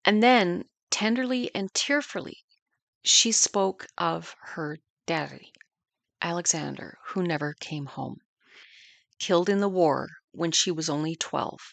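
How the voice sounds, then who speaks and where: A woman's voice: lowish voice, unhurried, gravelly, fairly bright tone, no room sound. A woman in her fifties narrating a family war history in an earnest, reflective way. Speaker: podcast narrator.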